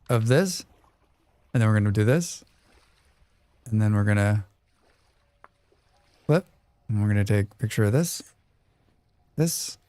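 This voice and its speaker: A man's voice: on the low side, mellow, clear, resonant tone, no echo. A man streaming a survival game live, chatting casually, reading chat aloud and humming to himself as he plays. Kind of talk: casual gaming livestream chat.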